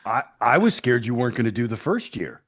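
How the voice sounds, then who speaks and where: A man's voice: mid-range voice, big pitch swings, fairly quick, a bit bright, breathy edge. A man, an actor and podcast co-host, chatting casually in an eager, teasing way and cutting in with questions. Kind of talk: casual chat.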